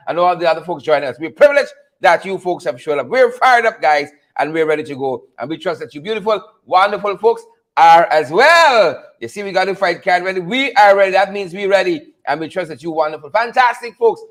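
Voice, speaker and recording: High-voiced man hyping a live stream. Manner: energetic, hype, calls out viewer names. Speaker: livestream podcast host. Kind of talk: live stream greetings to viewers.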